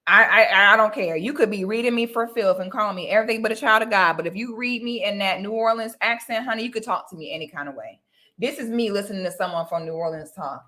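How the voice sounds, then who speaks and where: A woman's voice: medium pitch, pushed and bright. A young woman, chatting casually and animatedly straight to her viewers. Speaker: vlogger talking to viewers. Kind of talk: casual chat to camera.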